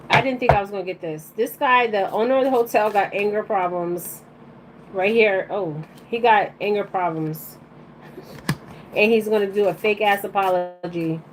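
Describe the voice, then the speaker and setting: In a low-quality recording with a little hiss or hum, a mid-range-voiced woman gives her viewers a live-streamed oracle card reading. She goes on bluntly and loosely in slang, checking in again and again with "okay?"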